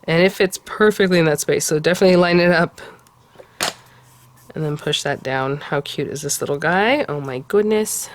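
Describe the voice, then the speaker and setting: A woman hosting a card-making tutorial, talking casually and often cooing softly over how cute the pieces are. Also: sits low, moderate pace. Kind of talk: casual crafting tutorial talk.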